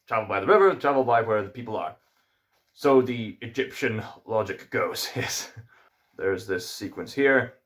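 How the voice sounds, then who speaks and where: A man's voice: medium pitch, fairly bright tone. A man with a Scottish accent giving a casual film review, musing and hesitant, with frequent fillers.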